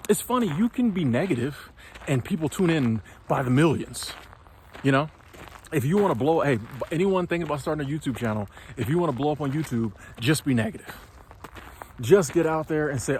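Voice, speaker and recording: A man, hosting his own channel and delivering an impassioned motivational monologue, preachy and animated, sometimes stumbling over his words. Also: on the high side, normal speed, slight background noise. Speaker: channel host.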